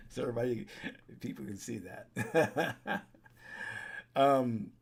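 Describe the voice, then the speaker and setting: Slow and expressive, a man's mid-range voice comes across creaky with a breathy edge. Recording alone on a desk webcam setup, this online commentator preaches an urgent warning to camera, often restarting his sentences and going back over his points.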